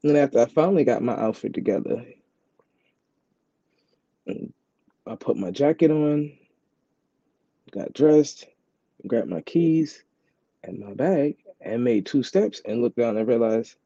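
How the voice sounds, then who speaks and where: A man's voice: mid-range voice, lively intonation, unhurried, pauses often, mellow, dry recording. A man telling a rambling, casual story about his day as a vlogger, repeating himself and leaning on "like". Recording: dull, dry lo-fi sound.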